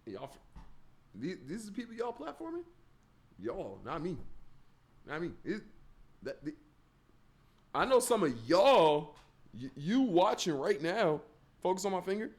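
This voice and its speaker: A young man reacts in casual slang as a co-host, his voice a little high and swinging widely in pitch. He often turns to talk straight to the viewers. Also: sing-song, measured pace, pauses often.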